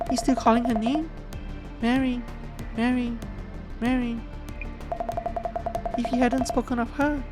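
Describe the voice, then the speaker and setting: A bitter female killer murmurs a cold, brooding monologue about hiding behind a ghost story, as a woman voices her. The voice sits a touch high. Loud game music plays underneath.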